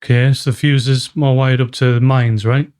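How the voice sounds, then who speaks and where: A man's voice: medium pitch, flat delivery, normal speed. A man hosting a live movie reaction, talking emotionally to the screen and swearing as he watches. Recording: noisy with loud film audio.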